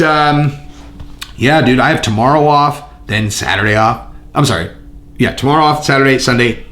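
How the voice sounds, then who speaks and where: Male vlog host, animated swearing rambler, lively pitch, roomy recording. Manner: profane, excitable, rambling. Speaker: channel host. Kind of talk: casual fight commentary vlog.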